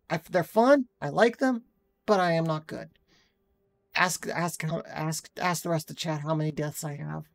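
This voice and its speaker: A woman's voice: deep voice, gravelly, darkish tone. Woman streamer cursing at a game. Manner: swearing, frustrated reactions, talking to the game and chat. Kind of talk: live gameplay commentary.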